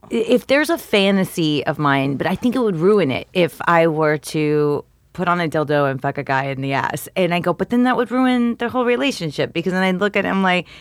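A woman's voice: low-pitched, brisk, few pauses, dry recording, studio quality. A woman hosting a podcast in casual chat, laughing often and joking around. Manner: laughing, animated, jokey. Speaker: podcast host.

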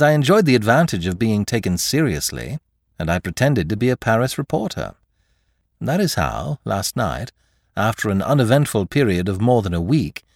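A man reading a storybook, voicing a clever teenage schoolboy who speaks softly and with great politeness. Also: medium pitch, dry recording, clean studio sound. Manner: soft, infinitely polite, gently teasing.

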